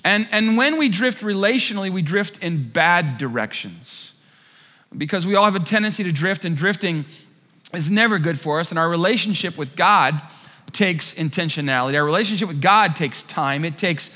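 A man preaches in a large church, and his high, bright voice rings out with a long reverb. He tells stories with lively energy and acts out the lines of the people in them, sometimes shouting them. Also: normal speed. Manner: animated storyteller, acts out quotes with shouts. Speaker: pastor. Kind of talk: sermon with a humorous personal story.

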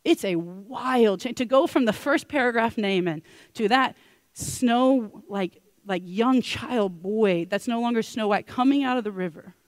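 A woman preaching a sermon in a lively storytelling way, acting out the characters with casual slang. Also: on the high side, measured pace, no echo. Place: church.

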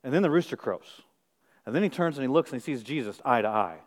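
A middle-aged male pastor preaching a sermon, firing rhetorical questions and swinging from hushed, intimate moments to loud emphasis. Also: medium pitch, expressive, fast, in a large hall.

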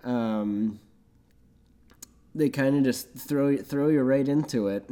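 A man telling a rambling comic story at a medium pitch, acting out the voices himself in casual podcast chat. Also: slow, mellow. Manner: rambling, acts out both sides of stories. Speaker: podcast host.

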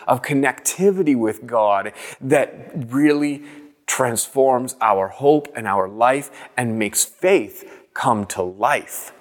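A man preaching a sermon, earnest and reflective, softly repeating short phrases as he speaks. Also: mid-range voice, long reverb tail. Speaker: pastor.

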